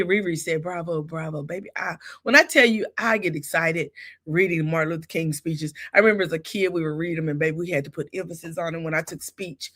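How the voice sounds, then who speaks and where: Female livestream host, bright and punchy, casual chat with a lot of "honey" and "child.". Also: on the low side. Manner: animated, Southern-style endearments like honey and child. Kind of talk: casual live chat recap.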